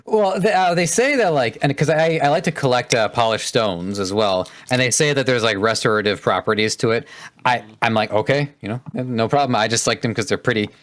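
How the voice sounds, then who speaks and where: A man's voice: medium pitch, brisk, a bit bright, no echo. A man co-hosting a podcast in casual chat, talking with many hesitations and fillers. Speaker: podcast co-host.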